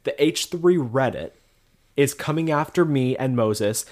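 A man's voice: medium pitch, expressive, measured pace, a little mellow. A man co-hosting a casual podcast, recapping online drama and filling his talk with "like". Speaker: podcast co-host. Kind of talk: casual chat.

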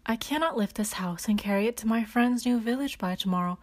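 A woman's voice: on the high side, brisk, close to an everyday voice. A woman voicing a strong young male dwarf, polite and tearful, who pleads for help. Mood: pleading.

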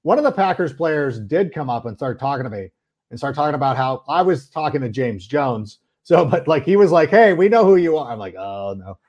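A man's voice: mid-range voice, animated, brisk, darkish tone, slightly rough, dull audio. A man hosting a sports podcast, rambling through self-mocking stories in casual chat. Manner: rambling, self-deprecating storyteller. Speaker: podcast host.

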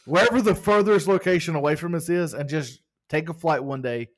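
A man's voice: fairly high pitch, brisk. A man co-hosting a casual podcast, playful and joking as he reads reviews. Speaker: podcast co-host.

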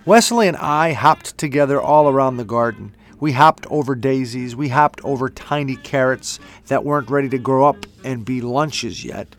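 A man narrating a children's storybook in a gentle, playful read-aloud. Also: medium pitch, normal speed, hardly any pauses. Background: faint music.

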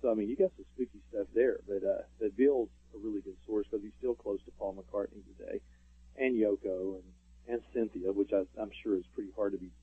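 A man's voice: fairly low pitch, steady tone, fairly quick, husky, dry recording. A man, a radio show guest, telling stories in casual interview talk with lots of fillers. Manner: rambling storyteller, many fillers. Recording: tinny phone line.

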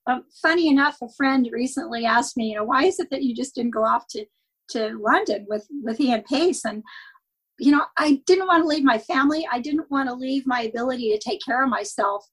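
A woman's voice: sits high, brisk, slightly rough, rough recording. An older woman telling personal stories in a wistful way, laughing now and then as a podcast guest. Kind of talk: storytelling in casual chat.

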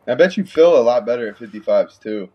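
A man's voice: mid-range voice, expressive, quick pace, husky, highs cut off. A young man, a pro fighter, talking in a laid-back, slangy way. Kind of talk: casual chat.

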